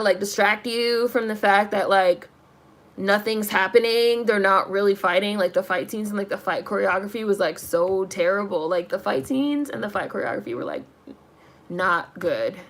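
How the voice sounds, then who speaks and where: A woman with a slightly high, somewhat bright voice rants casually to her live stream chat about a movie. Exasperated and swearing, she laughs as she goes and says "like" nonstop.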